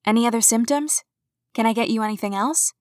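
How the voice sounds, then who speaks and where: A woman reading an audiobook, voicing a caring young witch who fusses over her friend, a little higher than her narration. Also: a little fast, no room sound, clean studio sound, lightly acted. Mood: concerned. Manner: fussing, a little higher and brighter.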